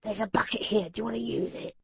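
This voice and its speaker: Whispered role-play: woman as a hoarse, croaking male kidnapper, menacing, close, dull sound. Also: mid-range voice, steady tone, fast, no room sound, voice pushed up.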